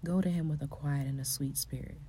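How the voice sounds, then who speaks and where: A woman talking earnestly to other women about faith and love, coaching them. She shifts between hushed, breathy passages and loud, emphatic outbursts. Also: deep voice, fairly even intonation, a little fast. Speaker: faith and relationship speaker. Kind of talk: motivational faith talk to women.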